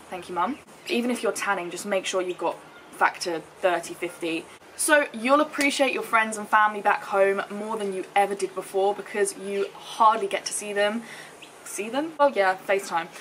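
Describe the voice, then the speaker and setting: A young British woman vlogging about her travels in a chatty, upbeat way, with plenty of filler words. Her voice sits at an ordinary middle pitch for a woman. A faint hiss of background noise runs under her voice. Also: fairly bright tone. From United Kingdom. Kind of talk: casual chat to camera. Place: outdoors in the sun, later indoors.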